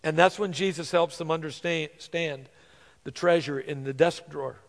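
A man preaching a sermon, earnest, slowing down to stress scripture verses. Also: fairly high pitch, fairly even intonation, creaky. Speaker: pastor. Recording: long hall reverb.

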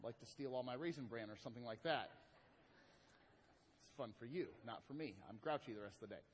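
A man preaching a sermon as pastor, swinging from loud emphatic lines to hushed, slow ones. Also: medium pitch, a little hiss or hum. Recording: long hall reverb.

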